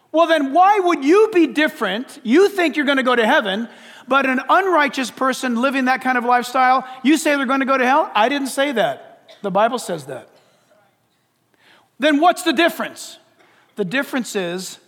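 This pastor's very high-pitched, somewhat bright voice fills the church sanctuary as he preaches from the pulpit. Long hall reverb trails his words, which are emphatic and packed with rhetorical questions.

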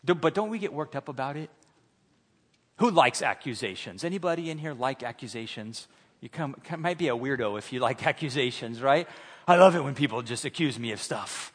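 A man preaching a sermon in a church, animated and humorous, acting out little scenes. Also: mid-range voice, a little fast, breathy edge, long reverb tail. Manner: animated, humorous, acts out voices. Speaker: pastor. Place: church sanctuary.

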